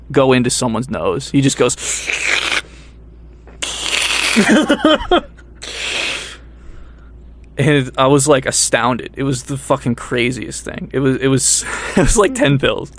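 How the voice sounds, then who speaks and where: A man's voice: mid-range voice, a bit bright. A young man telling a story in casual podcast chat, acting out what people said, laughing often and swearing freely. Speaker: podcast co-host.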